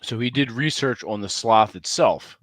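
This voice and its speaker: A man's voice: medium pitch, normal speed, no echo. A man co-hosting a casual podcast, telling stories and laughing often through crude banter. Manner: laughs often, animated storytelling. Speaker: podcast co-host.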